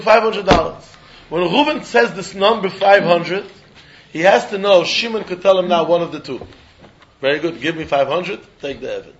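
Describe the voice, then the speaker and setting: Animated Talmud teacher with lilt. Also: male voice, high-pitched, highs cut off, a little hiss or hum. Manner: sing-song study-hall explaining, acting out both sides of a deal. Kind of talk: animated Talmud class lecture.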